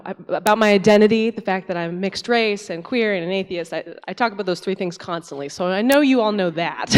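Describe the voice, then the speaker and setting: A woman's voice: medium pitch, smooth. A young woman from East Tennessee telling a candid, emotional personal story to a church audience, chatty and full of fillers. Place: church sanctuary. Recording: long hall reverb.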